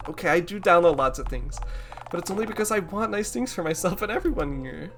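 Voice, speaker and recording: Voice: medium pitch, lively intonation, fast, music in the background, pitched above the performer's own voice, natural voice. A streamer voicing a scattered male boss who pleads and wheedles, reading a game aloud. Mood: pleading.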